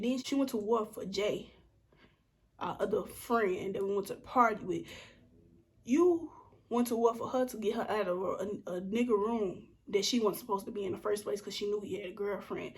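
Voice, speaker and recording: A young woman telling a storytime vlog, animated and acting out what people said, sometimes dropping to a whisper. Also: mid-range voice, normal speed, long pauses. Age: young adult. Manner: animated, acts out quotes, slips into whispers. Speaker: vlogger.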